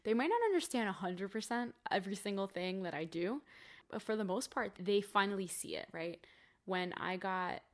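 A woman's voice: mid-range voice, animated, normal speed. A woman in her twenties, a podcast guest telling a personal story in a chatty way with many fillers. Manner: chatty, many "like" fillers, quotes family in dialogue. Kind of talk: casual storytelling interview.

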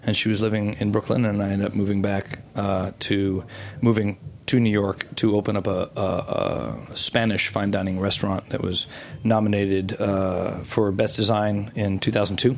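A man's voice: on the low side, little pitch movement, moderate pace, slight background noise. A middle-aged man telling a long story as a guest in a casual interview, rambling with many fillers and restarts.

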